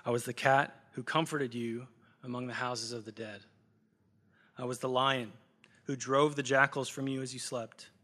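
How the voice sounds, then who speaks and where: A pastor reading aloud as a great solemn male lion in a story during a sermon, speaking in grave, measured declarations. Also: medium pitch, flat delivery, pushed and bright.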